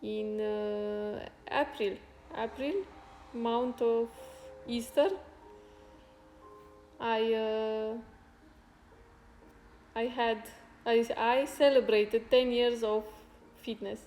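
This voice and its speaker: Slow, soft-spoken woman in an echoey room. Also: a little high, flat delivery. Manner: soft-spoken, halting, grateful. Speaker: fitness streamer. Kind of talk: casual live-stream chat with viewers. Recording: roomy echo with faint music.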